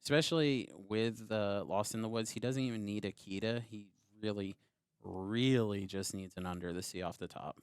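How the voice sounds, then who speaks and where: A man commentates on a card game match, explaining each play step by step. His voice sits fairly low, and the sound is dry and close to the mic. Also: normal speed, clean tone, no room sound. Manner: explanatory, walks through plays step by step.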